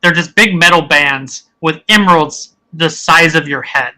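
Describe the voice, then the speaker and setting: A man's voice: a little high, a little slow, bright, forceful tone, low-quality recording. A man narrating a tabletop game as game master, rambling and searching for words as he describes scenes.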